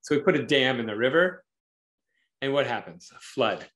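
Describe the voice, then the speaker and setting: A man of average pitch speaks as a psychologist guest in an interview. He explains ideas thoughtfully and conversationally. He brings them to life by acting out other voices. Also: normal speed. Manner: animated, acts out parents' and children's voices in quotes; thoughtful, uses metaphors to explain.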